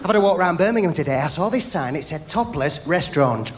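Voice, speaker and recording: A man telling quick jokes in a stand-up routine, switching voices for the punchlines. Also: on the high side, animated, slight background noise. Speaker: stand-up comedian. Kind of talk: stand-up comedy on a televised talent show. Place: theatre stage with a live audience. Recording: old TV broadcast from a big hall with audience.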